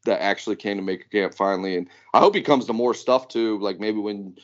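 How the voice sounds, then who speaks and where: A man's voice: lowish voice, quick pace, highs cut off. A man co-hosting a podcast in casual chat, laid-back, laughing often and saying "like" a lot. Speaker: podcast co-host.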